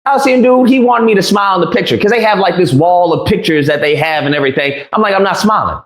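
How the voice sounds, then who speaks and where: A man's voice: sits high, quick pace. A man in a played clip retelling an argument, defiant and repetitive. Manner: defiant, repetitive, lively storytelling. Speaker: interview guest telling a story. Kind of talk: recounting an argument on a podcast. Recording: roomy echo from a played clip.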